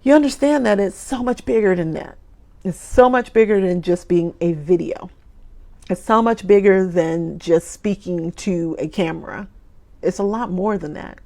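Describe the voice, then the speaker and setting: A woman's voice: lowish voice, moderate pace, a little mellow. A woman coaching viewers on video confidence in an emphatic, motivational talk, repeating key phrases for emphasis.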